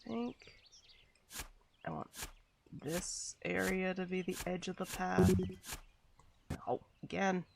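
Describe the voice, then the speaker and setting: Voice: mid-range voice, takes it slowly, gravelly, long pauses, noisy background. A VTuber streamer chatting casually while playing a game, rambling and laughing often. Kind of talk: casual gaming stream chat.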